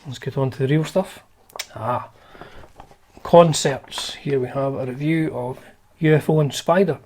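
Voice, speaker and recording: A man's voice: medium pitch, measured pace, a little mellow, slight background noise. A man hosting a guitar channel, chatting casually and wryly through old magazines, with lots of fillers and restarts.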